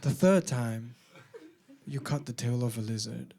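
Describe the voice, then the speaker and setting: A man performing a stand-up comedy set, animated and bursting into shouted punchlines. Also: mid-range voice, measured pace, gravelly. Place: comedy venue with a live audience.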